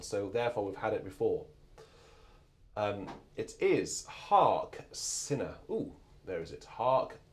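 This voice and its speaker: A man's voice: medium pitch, a little mellow. A man from England hosting a live organ stream, chatting casually and rambling with self-mocking asides. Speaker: organist and livestream host. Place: church organ loft.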